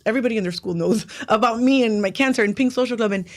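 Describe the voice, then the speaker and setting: A woman guest in a casual interview, telling a personal story quickly and animatedly, sometimes acting out what people said. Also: fairly high pitch. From Miami, United States. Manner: fast, animated storytelling with acted quotes. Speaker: interview guest, cancer patient.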